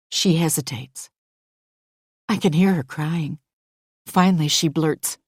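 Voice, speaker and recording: Woman narrator, first-person thriller audiobook, lowish voice, slow, very dry close sound. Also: husky, no echo.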